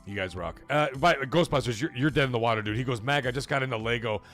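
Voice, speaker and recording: A man's voice: medium pitch, fast talker, fairly bright tone, faint music behind. A man hosting a gaming livestream, talking to chat in an emphatic, blunt way with swearing. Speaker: gaming show host.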